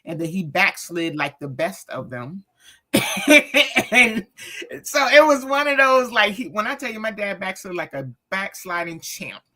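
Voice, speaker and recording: A woman guest chatting about her family with animated storytelling, playing out each quote as she goes. Her voice is bright and clear. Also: medium pitch, unhurried. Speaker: author guest. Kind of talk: casual storytelling chat.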